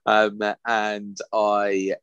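A young man, casually telling a lively, sweary story on a podcast. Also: fairly low pitch, very slow, clear, resonant tone, dry recording, lo-fi sound. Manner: animated, sweary, laughing anecdote-telling. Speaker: podcast host.

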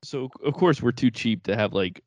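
A man's voice: medium pitch, normal speed, dry recording. A young man co-hosting a podcast, rambling through profane family stories and laughing as he talks. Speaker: podcast co-host. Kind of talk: casual chat.

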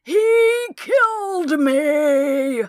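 A woman voicing the ghost of a murdered mother, in a husky, gravelly, drawn-out wail in an audiobook. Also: high-pitched, lively intonation, dry recording, studio quality, voice pushed up, full character voice.

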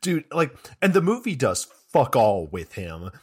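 Husky-voiced podcast co-host man. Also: mid-range voice, very animated, measured pace. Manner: rambling, frustrated critique. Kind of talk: casual movie-review chat.

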